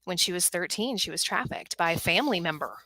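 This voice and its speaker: A middle-aged woman who hosts a podcast and runs workshops for moms, speaking as a guest in an earnest, animated way. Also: lowish voice, quick pace, dry recording. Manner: earnest, animated storytelling with acted quotes. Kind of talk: guest on a talk show.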